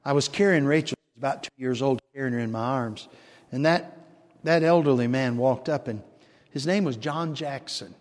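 An older man preaching a sermon, swinging from shouted declarations to hushed storytelling. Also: mid-range voice, normal speed. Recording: long reverb of a large hall.

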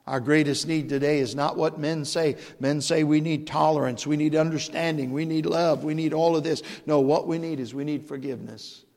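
A man's voice: a little high, steady tone, moderate pace, few pauses, darkish tone, long reverb tail. A man preaching a revival sermon with rising, impassioned emphasis and repetition.

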